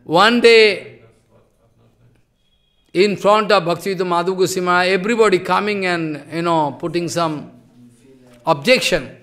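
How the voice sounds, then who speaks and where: A man's voice: high-pitched, moderate pace, pauses often, a bit bright. A man giving a devotional sermon, telling stories with emotion and repetition in broken English. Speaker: preacher.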